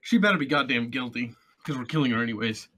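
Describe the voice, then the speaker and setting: A man's voice: medium pitch, expressive, quick pace, pushed and bright. A man playing in a tabletop role-play session, laughing often and cheering for bloodshed. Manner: laughs often, eager for violence. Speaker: player.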